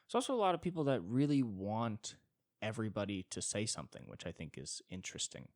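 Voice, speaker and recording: Rambling self-mocking man, lively pitch. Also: quick pace, dry recording. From Southern California suburbs. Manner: rambling, self-deprecating, swears, acts out quoted people. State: yawning, tired. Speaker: podcast host. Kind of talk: solo podcast monologue.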